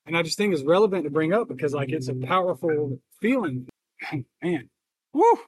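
A man co-hosting a podcast who talks in a reflective, halting way and is emotional and near tears. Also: on the high side, slightly rough, dry recording, low-quality recording. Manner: reflective, halting, open about feelings. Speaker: podcast co-host. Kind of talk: casual podcast conversation.

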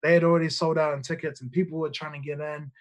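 A New man in his thirties tells nightclub stories in a casual, rambling way. He restarts sentences often and swears freely. His speaking voice sits a little high for a man. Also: level tone, fast. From New Zealand. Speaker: podcast guest, nightclub bouncer. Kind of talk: casual storytelling.

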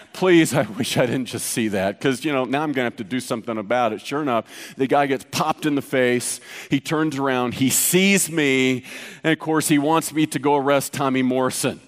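A man's voice: mid-range voice, moderate pace, in a large hall. A middle-aged male pastor preaching a sermon, telling a personal story in a conversational, teasing way.

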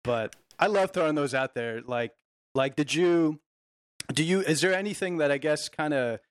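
A man's voice: on the high side, normal speed. Laid-back man hosting a casual chat. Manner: laid-back, hedging, lots of fillers.

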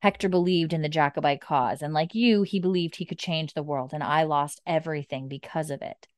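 A woman's voice: low voice, fairly quick, no room sound, studio quality, natural voice. A woman voicing a grieving old blind matriarch, reading her lines out plainly. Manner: reads the lines out plainly from a script.

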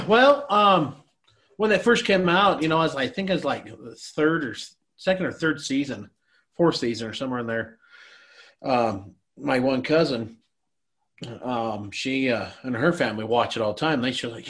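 A man's voice: medium pitch, moderate pace, fairly bright tone. A middle-aged man guesting on a podcast, telling stories in a rambling, casual way, laughing and swearing freely. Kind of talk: casual storytelling chat.

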